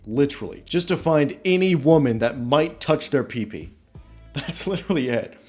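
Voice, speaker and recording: A man's voice: a little high, lively intonation, normal speed, darkish tone, faint music behind. A man hosting reaction commentary, blunt, emphatic and casual. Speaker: commentary host.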